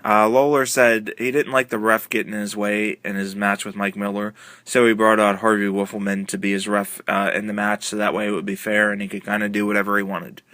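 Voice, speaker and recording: Bright-toned man rambling through a wrestling recap. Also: on the low side, flat delivery, a little fast, dry recording. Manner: rambling, filler-heavy retelling with many uh and um. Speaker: wrestling show reviewer. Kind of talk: casual recap of a wrestling broadcast.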